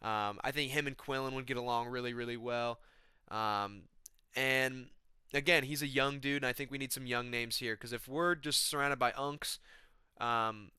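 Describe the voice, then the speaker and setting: A man's voice: mid-range voice, fairly even intonation, moderate pace, pushed and bright, clean tone, dry recording, studio quality. A young man rambling in a laid-back, slangy comedic monologue as a vlogger.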